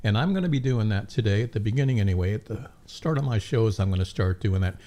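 A man's voice: lowish voice, animated, quick pace, mellow. A man hosting a community radio show, chatting in a friendly, enthusiastic way into a studio microphone. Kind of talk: casual radio chat.

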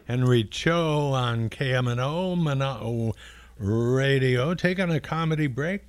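A man sitting in as a radio host, chatting casually in a rambling, unhurried way with pauses in a studio. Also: medium pitch, clean tone.

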